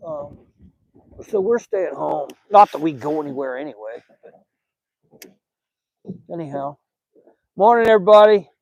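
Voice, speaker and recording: Streaming live from a small boat on a lake, an older Southern man who runs a fishing channel chats in a rambling, folksy manner to viewers and fish. His slightly high voice is creaky and a little mellow, with lively intonation, a slightly slow pace, and frequent pauses. The phone audio is lo-fi, with no echo.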